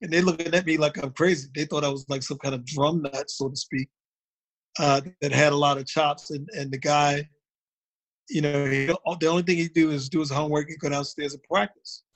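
A man's voice: on the high side, steady tone, a little fast. A man from Baltimore, a drummer and guest in a casual interview, telling stories in a loose, rambling way full of "you know". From Baltimore, United States.

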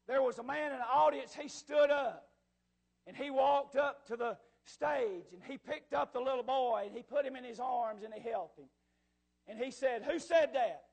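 Male pastor, fervent sermon delivery; very high pitch with a gravelly edge. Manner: fervent preaching that swells into shouts, with chuckles.

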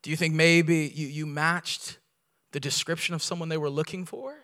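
Animated, bright-voiced male preacher. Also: on the high side, normal speed, clean tone. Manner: animated storyteller, rising to loud preaching. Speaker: guest pastor. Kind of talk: sermon with storytelling. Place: church sanctuary.

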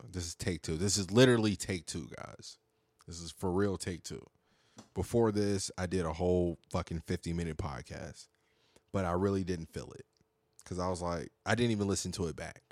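A man's voice: sits low, no echo. A young man hosting a podcast solo, talking in a heated, profane, rambling way. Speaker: podcast host. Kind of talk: casual monologue podcast.

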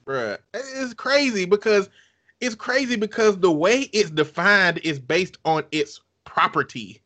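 A man's voice: sits high, lively intonation, unhurried, bright, forceful tone. A man hosting a podcast in casual chat, laid-back and joking, often laughing. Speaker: podcast host.

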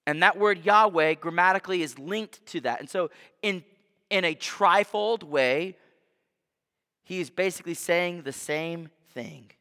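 A man's voice: high-pitched, a little slow, pushed and bright. A man preaching a sermon as pastor in a conversational style, now and then acting out quoted voices. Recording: long reverb of a church hall.

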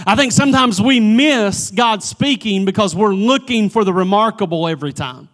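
High-voiced preaching man, loud then hushed. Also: normal speed. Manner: emphatic preaching, swings from loud pleading to hushed near-whisper; repeats words at starts of phrases. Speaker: pastor. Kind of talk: sermon.

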